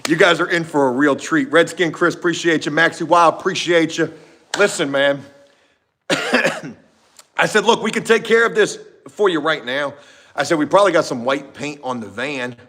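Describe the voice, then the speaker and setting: A man vlogging about his painting job, telling a story in a casual, profane, animated way, going from shouts down to mutters. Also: fairly high pitch, normal speed. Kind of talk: casual storytelling to a live chat.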